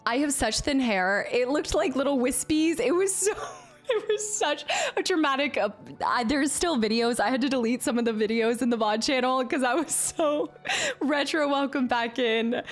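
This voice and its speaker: A young woman streamer chatting casually with her viewers, bubbly and quick to laugh. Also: a little high. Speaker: variety streamer. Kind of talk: casual live-stream chat.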